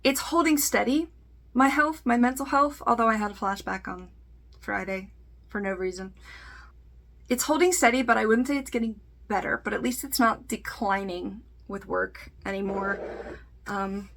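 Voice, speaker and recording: A woman's voice: mid-range voice, moderate pace, vocal fry, fairly bright tone. A woman talking casually to camera in a makeup vlog, chatty and self-deprecating, trailing off into fillers. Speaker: beauty YouTuber.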